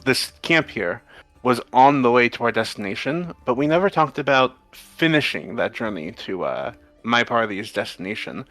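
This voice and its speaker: Bright-voiced man playing his character. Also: mid-range voice. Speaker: player. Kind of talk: in-character role-play.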